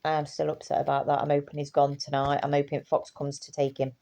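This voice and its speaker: A woman's voice: low voice, completely flat delivery, quick pace, gravelly, warm tone. A tired woman, rambling in casual chat to her camera and swearing freely. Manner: chatty, swears casually, trails off and restarts. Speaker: vlogger.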